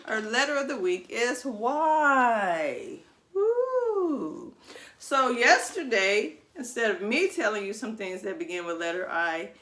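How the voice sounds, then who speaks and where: A woman teaching preschoolers over video, her voice bright and forward. She speaks slowly and encouragingly, in a sing-song way, drawing out words for the children to repeat. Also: mid-range voice, slight background noise. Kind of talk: video lesson for young children.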